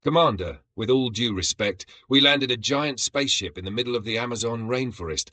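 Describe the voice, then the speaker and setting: A man's voice: medium pitch, a little fast, bright, forceful tone, no room sound. A man voicing a sensible male alien soldier who explains things in an exasperated, matter-of-fact way.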